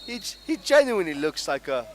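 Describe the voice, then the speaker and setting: A man co-commentates on an indoor cricket match. His voice is fairly high-pitched, and he asks his partner questions. He reacts to each ball with upbeat enthusiasm. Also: big pitch swings, a little fast. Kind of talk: live sports commentary.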